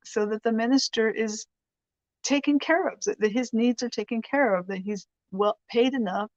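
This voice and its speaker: A woman's voice: on the high side, moderate pace, no room sound, muffled recording. A woman hosting a weekly prayer show, giving a chatty, rambling faith lesson with frequent laughs. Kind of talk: casual faith teaching.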